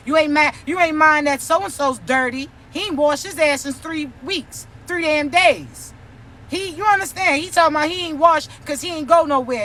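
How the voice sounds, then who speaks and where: A woman's voice: sits high, fairly bright tone, slight background noise. A woman giving a spiritual reading, delivered as a brash, profane, teasing scolding. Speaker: spiritual reader. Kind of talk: spiritual warning rant.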